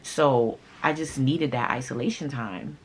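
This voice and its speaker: A young woman whose first language is Haitian Creole, telling a personal story in a casual, animated way, with sudden loud outbursts and asides to viewers. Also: extremely low pitch, measured pace, slight background noise. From Haitian family. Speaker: vlogger.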